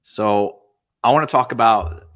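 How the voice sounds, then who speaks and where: A man's voice: on the low side, a little slow, fairly bright tone. A man hosting a casual interview, asking questions in a hesitant, searching way. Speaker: podcast host.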